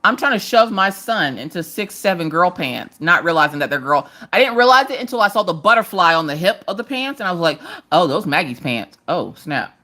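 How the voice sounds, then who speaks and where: This thirtysomething woman's lowish voice is expressive, bright, and forceful, moving fairly quickly with few pauses. She hosts a casual live stream, storytelling while she crafts and performing quotes in character voices.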